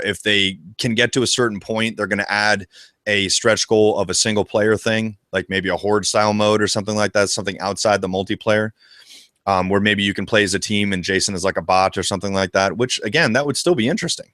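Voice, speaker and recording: A man co-hosting a casual live discussion about a video game, talking in an excitable, profane and animated way. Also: on the low side, brisk, dry recording, studio quality. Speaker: co-host of a retro gaming show.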